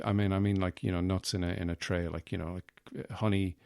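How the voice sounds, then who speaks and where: A man's voice: sits low, level tone, fast talker, creaky, few pauses, darkish tone, clean tone, no room sound. A man hosting a podcast in a rambling comic monologue, meandering and self-mocking, with many fillers, on a close mic. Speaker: podcast host.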